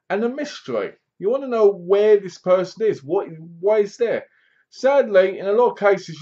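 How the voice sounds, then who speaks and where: A man's voice: on the high side, a little mellow. A man giving a casual, rambling spoken film review, retelling scenes with sound effects and asides. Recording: dull lo-fi home recording.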